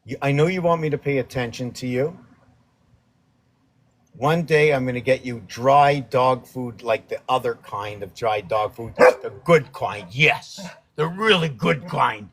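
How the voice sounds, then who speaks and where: A man's voice: mid-range voice, unhurried, fairly bright tone. A man hosting a casual painting livestream, rambling playfully through wordplay and letter puzzles. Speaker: livestream host painting on camera.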